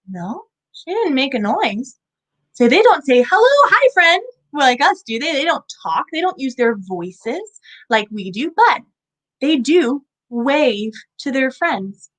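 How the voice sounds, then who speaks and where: Bubbly, sing-song woman educator, a bit high-voiced, teaching kids indoors at an animal center. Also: fairly bright tone, rough recording. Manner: bubbly, sing-song, asks children questions. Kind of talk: kids' lesson.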